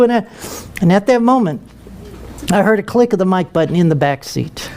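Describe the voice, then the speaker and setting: An older man, a retired pilot, tells an anecdote to an audience in a lively way, acting out radio calls. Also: high-pitched, fairly quick, pauses often, background noise. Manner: lively storyteller who acts out radio calls. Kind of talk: storytelling speech to an audience.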